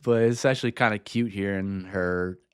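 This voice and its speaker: A man's voice: on the low side, moderate pace. A man reacting to music in casual, rambling commentary, laughing often. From United States.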